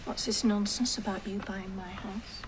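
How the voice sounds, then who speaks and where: A woman's voice: mid-range voice, fairly even intonation, normal speed, heavy background noise, natural voice. An actress playing an older mother standing by her new partner, firm and earnest, in a TV soap. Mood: stern. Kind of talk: TV soap drama acting.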